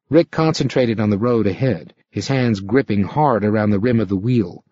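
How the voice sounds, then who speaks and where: A man narrating an audiobook in an expressive, dramatic reading style. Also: on the low side, normal speed, hardly any pauses, no room sound. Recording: slightly muffled recording.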